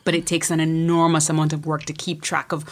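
A woman's voice: deep voice, completely flat delivery, fast talker. A woman with a Jamaican accent, a poet and memoirist guest, telling personal stories candidly and emphatically, often repeating words as she starts a sentence.

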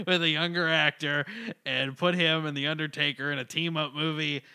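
A man co-hosting a casual podcast chat, laughing often and halting with fillers. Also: a little high, level tone, bright, forceful tone, smooth. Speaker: podcast co-host.

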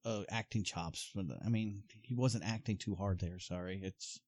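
A man's voice: on the low side, steady tone, normal speed, a little mellow, no room sound. A man co-hosting a casual movie watch-along, telling trivia and making dry jokes. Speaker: podcast co-host.

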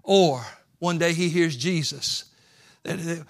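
A man preaching a sermon as pastor, folksy, swinging from quiet asides to impassioned pleading. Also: a little high, measured pace.

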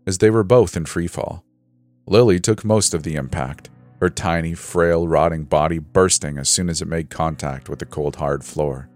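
There's faint music behind a man narrating a scripted horror story; his very low voice is a little mellow, and he paces it in a measured, dramatic way.

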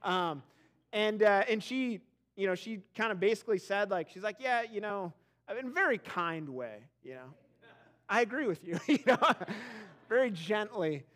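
High-voiced earnest male pastor. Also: animated, normal speed, a bit bright. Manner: conversational, self-deprecating, earnest. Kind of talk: sermon.

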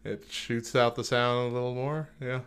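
A man's voice: mid-range voice, fairly even intonation, moderate pace, a bit bright, smooth. A man co-hosting a morning radio show, joking and laughing often in casual banter.

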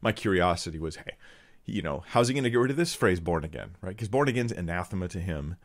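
A man's voice: deep voice, expressive, quick pace. A man giving blunt, sarcastic Bible commentary to his viewers, reading verses and critiquing a teaching.

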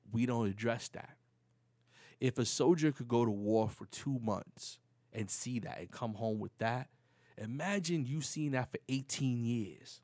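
Middle-aged man with a New York accent, casual storyteller, animated, dry close recording. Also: mid-range voice, no room sound. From New York, the Bronx. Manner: animated, heated when acting out stories.

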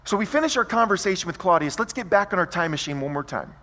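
Animated preacher man in a reverberant hall. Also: high voice, fast talker. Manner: animated storytelling, vivid imagined scenes. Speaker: pastor. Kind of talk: sermon.

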